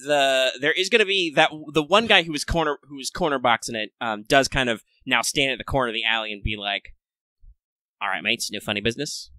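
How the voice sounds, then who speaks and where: A man's voice: mid-range voice, quick pace, hardly any pauses, pushed and bright, no room sound. A young man running a tabletop game as game master, loose and joking, swearing freely.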